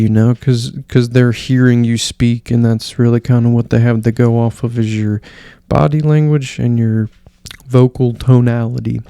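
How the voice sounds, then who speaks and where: Gravelly, profane man rambling solo. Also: mid-range voice, warm tone, no echo. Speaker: podcast host. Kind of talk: casual solo podcast rant.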